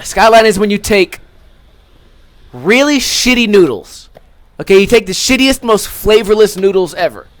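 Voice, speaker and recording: High-voiced man ranting profanely. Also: lively intonation, moderate pace, no room sound. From Las Vegas. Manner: ranting, profane, exaggerated, frequent fillers. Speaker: podcast host. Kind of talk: casual comedic rant.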